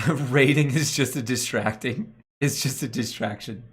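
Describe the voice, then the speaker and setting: Young guy streaming, reading chat out loud, jokey and slangy, laughs a lot, normal mid voice. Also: medium pitch, measured pace. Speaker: stock market livestream host. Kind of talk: casual live-stream chat, reading chat aloud.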